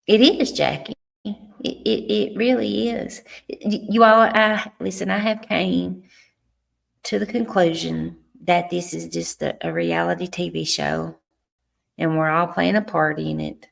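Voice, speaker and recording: A woman's voice: on the low side, steady tone, creaky. A middle-aged woman chatting frankly with viewers on a livestream, often restarting her sentences. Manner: frank, cusses freely, halting restarts. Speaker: livestream host. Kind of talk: casual livestream chat with viewers.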